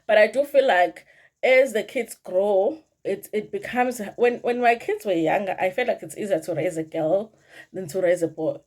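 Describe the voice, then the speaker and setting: A middle-aged South African woman with a medium-pitched, darkish voice chats at normal speed in a casual commentary vlog, recapping a reality show episode. She calls her viewers "you guys" and mixes Zulu phrases into her talk.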